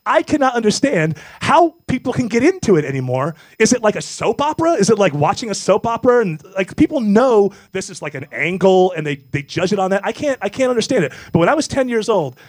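A man in his fifties hosts a talk show, his voice pitched high and swinging widely as he spins animated, self-mocking stories. The sound is dry and close, with no room around it. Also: quick pace, hardly any pauses, dry recording. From Memphis, US South. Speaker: radio show host. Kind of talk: casual talk show banter.

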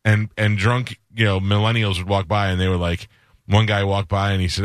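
Low-voiced rambling male radio host. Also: little pitch movement, brisk, dry recording, studio quality. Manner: rambling storyteller, acts out quoted voices. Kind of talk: casual radio chat.

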